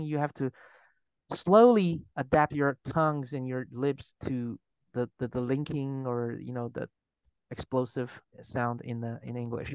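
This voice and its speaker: A man's voice: medium pitch, darkish tone, clear, resonant tone, no room sound. A man with a Chinese accent, a TOEFL teacher explaining in a casual interview, earnest and full of restarts. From China. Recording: dull lo-fi sound.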